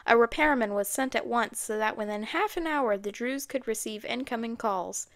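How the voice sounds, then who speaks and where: Woman reading an audiobook, higher voice. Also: moderate pace. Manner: steady storytelling. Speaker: audiobook narrator. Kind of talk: scripted narration.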